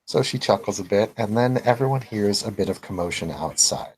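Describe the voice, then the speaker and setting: A man narrating as game master of a tabletop role-playing game, in a relaxed, chuckling way. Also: fairly low pitch, brisk, a little hiss or hum, poor audio.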